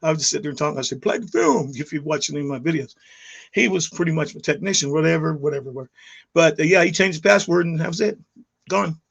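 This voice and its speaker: Talking fast into the camera for his unscripted vlog, a middle-aged YouTuber rambles through his story, restarting and growing heated. The voice is gravelly and slightly high for a man, and the audio sounds dull.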